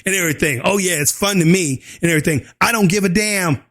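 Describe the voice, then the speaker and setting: A man hosting his own channel, ranting loudly with mocking laughter and put-on imitations of opponents. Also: high-pitched, animated, fast, creaky, few pauses. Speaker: host. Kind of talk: opinion rant.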